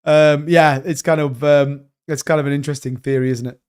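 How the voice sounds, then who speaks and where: Fast-talking hyped man. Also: fairly high pitch, fairly even intonation, darkish tone, clean tone. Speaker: crypto live stream host. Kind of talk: casual live-stream chat reading comments.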